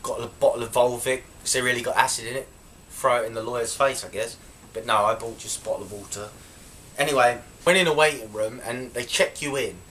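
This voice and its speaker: A man's voice: medium pitch, brisk, a bit bright, slight background noise. Indignant young man telling a story. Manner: indignant, chatty retelling. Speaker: vlogger. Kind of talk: casual storytelling to camera.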